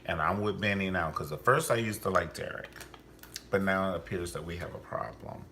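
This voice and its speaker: A man's voice: low-pitched, fairly quick, sharp tone, a little hiss or hum. A man reviewing a TV series in a vlog, blunt and profane, swinging theatrically up and down as he rants. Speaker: TV show reviewer. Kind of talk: ranting commentary vlog.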